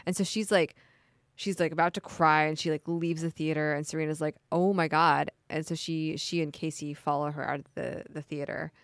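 A young woman with a slightly low voice chats casually about a TV episode, sprinkling "like" everywhere. The sound is dry and close to the mic. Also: fairly quick, dry recording. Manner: chatty, peppered with "like", animated retelling. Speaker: podcast co-host. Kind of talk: casual TV recap chat.

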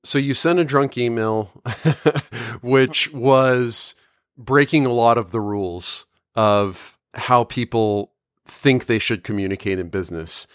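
A man hosting an interview, asking thoughtful, measured questions. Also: mid-range voice, fairly even intonation, clean tone, no room sound, clean studio sound. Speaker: interview host.

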